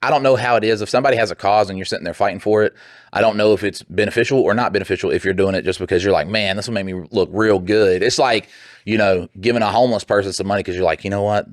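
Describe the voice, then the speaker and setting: A young man rants on a podcast in a lowish voice, swearing freely and slipping into quick mocking impressions of others. The sound is dry and close, with little room. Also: no room sound. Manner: profane, rambling, heated, mimics people in quick bursts. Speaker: podcast co-host. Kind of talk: casual podcast chat.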